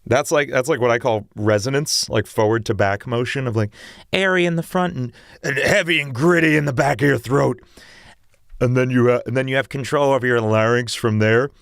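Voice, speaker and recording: A man's voice: mid-range voice, brisk, creaky, no room sound, clean studio sound. A man chatting casually with viewers on a livestream, talking eagerly about singing and voice technique. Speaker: streamer and singer.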